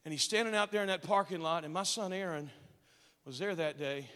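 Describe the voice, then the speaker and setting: A male pastor preaching a storytelling sermon, swinging from booming shouts to hushed asides. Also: brisk, clean tone. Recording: long reverb of a large church hall.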